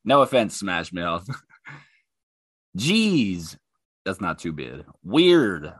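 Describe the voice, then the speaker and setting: A man's voice: sits low, sing-song, very slow, a bit bright, husky, no room sound. A man hosting his own podcast and ranting about online comments, heated, profane and mocking. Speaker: podcast host.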